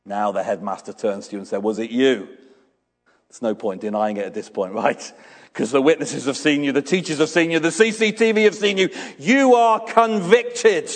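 A man preaching a sermon as pastor, animated and storytelling, acting out small dialogues with his congregation. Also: on the high side, fairly quick, long reverb tail.

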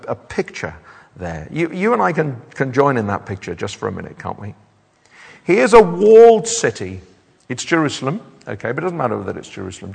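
A man preaching a sermon, animated and often repeating words as he builds up. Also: medium pitch, vocal fry, husky. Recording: hall reverb.

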